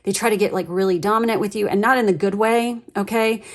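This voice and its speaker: A woman's voice: mid-range voice, a little fast. Casting a woman tarot reader: casual, profane, rambling, full of fillers, with a middle-range voice. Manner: blunt, swears a lot, rambling with many fillers. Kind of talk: casual pick-a-card tarot reading.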